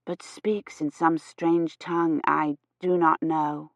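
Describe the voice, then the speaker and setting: A woman reading aloud, voicing a careful, gentle medieval noblewoman who speaks softly. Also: low voice, level tone, takes it slowly, creaky, dry recording, heavily acted. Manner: soft-spoken and careful. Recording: slightly dull, dry audio.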